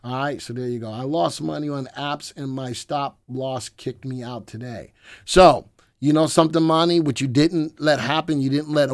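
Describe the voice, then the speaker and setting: A hoarse man hosting a live stock-market show, talking upbeat to viewers while he clicks through charts. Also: medium pitch, no echo, studio quality. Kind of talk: live webinar commentary.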